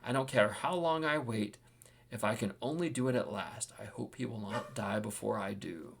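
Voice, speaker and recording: A man voicing a brooding, vengeful young man, reading the lines in a quiet, measured way. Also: on the low side, creaky, slightly rough. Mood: grim.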